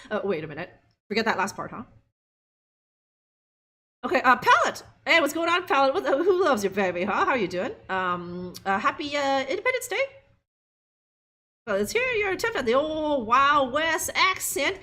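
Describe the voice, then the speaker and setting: Woman game streamer, lively and bright, chatty and giggly, riffing with chat. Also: fairly high pitch, moderate pace. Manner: chatty, laughing, talks to chat. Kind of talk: live gameplay commentary.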